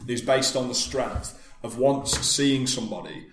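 A man's voice: medium pitch, a little slow, fairly bright tone, slight background noise. Rambling, self-deprecating man in a roomy room. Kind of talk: casual chat.

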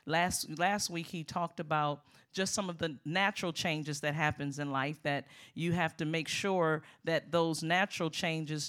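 Middle-aged woman preacher, bright forceful tone, emphatic sermon delivery with congregation call-outs. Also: low-pitched. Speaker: guest preacher.

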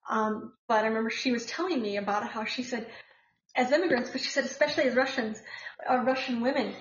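American woman podcast host, rambly news chat, kinda high voice, dull echoey sound. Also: quick pace. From United States. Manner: rambling, lots of filler words.

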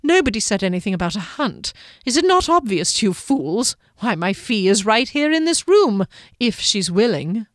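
A woman voicing a smooth-talking male wizard with a silky, teasing manner. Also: medium pitch, animated, moderate pace, dry recording, studio quality, natural voice.

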